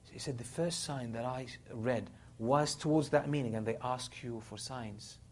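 A man giving a sermon, retelling a story with animated, dramatic quotes of the people in it. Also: mid-range voice, normal speed. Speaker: Islamic preacher.

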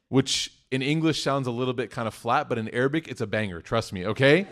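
A preacher delivers a storytelling sermon in a brisk, mid-range voice with few pauses. He acts out the voices in his stories, animated and joking, before turning to earnest exhortation.

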